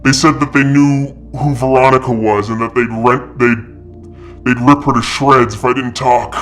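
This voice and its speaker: A beaten, shaken werewolf man , voiced by a man, stumbles slowly through his words and repeats himself. Faint music runs behind. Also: medium pitch, fairly even intonation, a bit bright, voice pushed down, close to an everyday voice.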